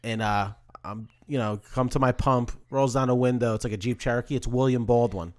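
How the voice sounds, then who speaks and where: A man from New Jersey, a comedian hosting a podcast, telling stories in a casual, animated way and often laughing. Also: mid-range voice, fairly quick. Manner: animated, laughs often, acts out his own past lines. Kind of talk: casual storytelling chat.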